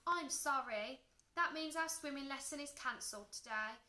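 A woman's voice: sits high, moderate pace, sharp tone, voice pushed up. A woman voicing a fussy, easily startled primary school teacher who gasps and gives orders in a storybook reading. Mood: regretful. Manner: gasping, anxious, then commanding. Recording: roomy echo.

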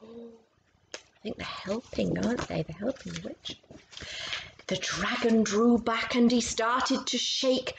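Woman reader for children's storytime, slow and expressive, questions to little listeners. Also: a little high, creaky, a little hiss or hum, poor audio. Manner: expressive, asks listeners questions about the pictures. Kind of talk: reading a picture book aloud to children.

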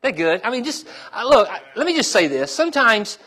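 A male pastor preaching a sermon in a conversational way, repeating phrases and often asking the congregation "amen?", rising in pitch and volume as he stirs them up. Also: big pitch swings, brisk, sharp tone. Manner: rises in pitch and volume when stirring the congregation.

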